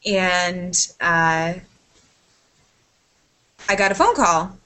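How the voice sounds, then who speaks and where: In casual podcast chat, a woman with a lowish, expressive voice tells a rambling, sidetracked story, stretching out her words in a pushed, bright tone. She swears casually and apologizes a lot.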